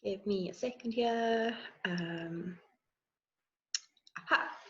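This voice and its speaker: A woman's voice: mid-range voice, drawn-out words, a bit bright, slightly rough, muffled recording. A woman hosting a casual live stream from home, bubbly and greeting her viewers by name. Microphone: phone.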